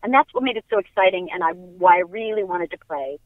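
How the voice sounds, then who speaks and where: A woman's voice: fairly low pitch, expressive, quick pace, no room sound. Chatty upbeat woman on a tinny phone line. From Long Island. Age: middle-aged. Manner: upbeat, chatty, laughs often. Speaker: guest actress. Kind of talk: casual phone interview. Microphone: telephone.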